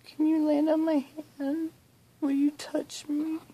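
A middle-aged woman talking softly in a bedroom at night, cooing affectionately and often half-whispering. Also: sits high, level tone, takes it slowly. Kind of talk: soft-spoken recorded monologue.

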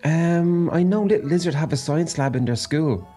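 A man improvising a game role-play, eager and repeating himself in quick bursts. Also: fairly high pitch, dark tone, faint music behind.

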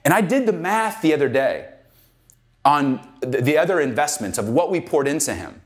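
A middle-aged man giving a keynote talk, telling a story in an animated, conversational way with lots of "like". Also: fairly high pitch, normal speed. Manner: animated, conversational, heavy use of "like". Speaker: keynote speaker.

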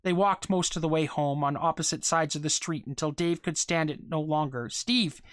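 Reader going through a short story, mid pitch, little slips, dry sound. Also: fairly quick, no echo. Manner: steady storytelling with small stumbles and repeated words. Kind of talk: reading a short story aloud.

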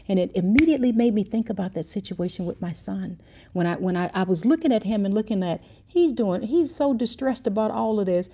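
A woman in middle age leads a livestreamed devotional, her voice soft and dark with a husky edge. She tells stories earnestly, wanders off on side paths and then brings herself back to the lesson. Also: mid-range voice, a little fast. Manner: earnest storytelling, drifting and circling back. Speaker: Christian teacher and mentor. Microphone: livestream camera mic.

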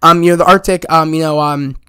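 A man hosting a casual spoiler review of a movie, rambling excitedly with lots of "you know" and "like" as he retells scenes. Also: a little high, fast talker, smooth, dry recording. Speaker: movie review channel host.

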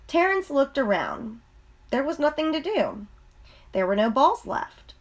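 A woman reads a children's storybook aloud at an unhurried pace. Her voice sits a little high. Each line comes out clear and deliberate. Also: big pitch swings. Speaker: reader.

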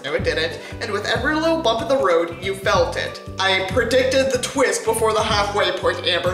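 A woman's voice: medium pitch, lively intonation, normal speed, few pauses, a bit bright. A woman host giving exasperated, sarcastic, swear-filled commentary on a bad book. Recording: roomy echo with music behind. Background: background music.

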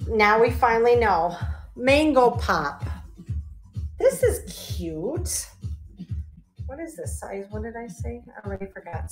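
A woman hosting a live online clothing sale, chatting casually and calling out item sizes, often laughing. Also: a little high. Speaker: live-stream seller host.

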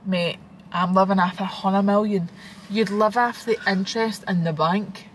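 A young Scottish woman chatting casually as a vlogger, slangy and animated, swearing freely. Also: medium pitch, normal speed, slight background noise, rough recording. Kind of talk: casual chat.

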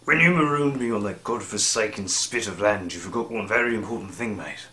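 A man's voice: fairly low pitch, brisk, sharp tone. A man voicing a swaggering pirate captain with a drawling, slurred delivery. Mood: sly.

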